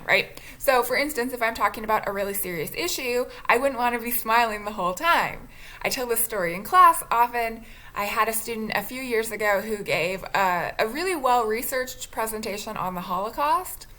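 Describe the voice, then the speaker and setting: A woman speech instructor with a fairly high voice gives a recorded lecture on delivery at a moderate pace. She sounds conversational and expressive, restarting herself a few times.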